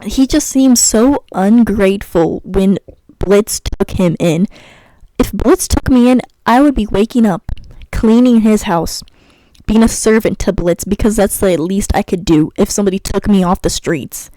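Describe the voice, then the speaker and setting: A woman's voice: medium pitch, a little slow, warm tone, no room sound, poor audio. A young woman ranting about a cartoon episode in a sassy, exasperated way, sighing often and stumbling over her words. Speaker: YouTuber reviewing a cartoon episode. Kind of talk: ranting commentary while gaming.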